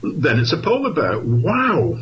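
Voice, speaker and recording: A man's voice: fairly high pitch, wildly swooping pitch, measured pace, lo-fi sound, a little hiss or hum. A man playing a lovestruck, bumbling knight who stammers earnestly in a comic amateur pantomime.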